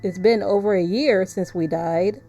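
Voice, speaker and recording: A woman's voice: medium pitch, normal speed, warm tone, faint music behind. A woman streaming a game, chatting casually and laughing often as she explains the story. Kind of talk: casual gameplay commentary.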